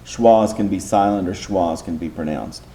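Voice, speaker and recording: A man's voice: sits low, normal speed, warm tone, slight background noise. A man teaching a Bible class in a lecture style, patiently explaining step by step and posing rhetorical questions to his listeners.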